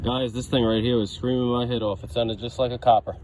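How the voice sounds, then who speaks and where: A man's voice: mid-range voice, little pitch movement, fairly quick, a little mellow, a little hiss or hum. A man from New York vlogging while metal detecting outdoors in a grassy yard. He chats casually to the camera, thinks aloud about each find and keeps calling his viewers guys.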